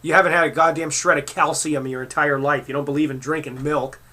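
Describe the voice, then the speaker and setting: Man ranting hotly, sharp bright voice. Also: fairly high pitch, fairly even intonation, quick pace. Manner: profane, heated and mocking. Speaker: commentary vlogger. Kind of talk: angry rant reacting to clips.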